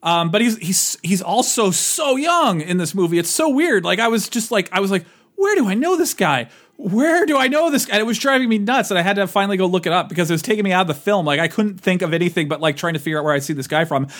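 A man co-hosting a casual chat, animated and rambling, his voice jumping up when he gets excited. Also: high voice, fast talker, few pauses. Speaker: podcast co-host.

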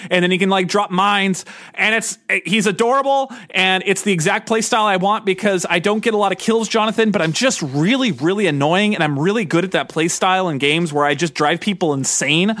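A man in his thirties co-hosting a podcast, chatting excitedly and rambling with lots of fillers. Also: sits high, dry recording. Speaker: podcast co-host. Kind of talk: casual chat.

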